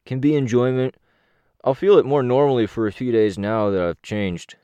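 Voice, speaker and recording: A man voicing a calm, reflective young man in an audiobook, speaking slowly and thoughtfully. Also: low voice, no room sound, lo-fi sound.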